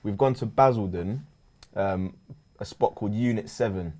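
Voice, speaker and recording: Laid-back male podcast co-host, fairly low and mellow voice, slangy and casual. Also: normal speed. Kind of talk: casual storytelling chat.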